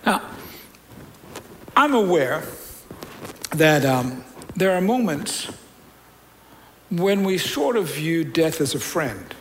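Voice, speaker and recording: A man preaching a sermon as a pastor, retelling scripture in a conversational, storytelling way with loud peaks and quiet stretches. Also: on the high side, slight background noise, low-quality recording.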